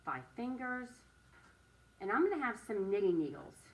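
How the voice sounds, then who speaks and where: A woman teaching a writing and drawing lesson to young children, speaking slowly and encouragingly and stressing each word. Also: fairly high pitch, big pitch swings, recorded from a distance.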